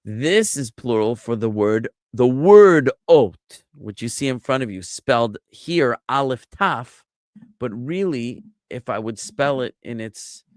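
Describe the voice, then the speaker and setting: Male rabbi for a classroom grammar lesson: unhurried, patient, drills forms and quizzes the room. Dry, close sound. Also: mid-range voice, dry recording. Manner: patient, quizzes students with questions; drills word forms by repetition. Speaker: rabbi teaching Biblical Hebrew.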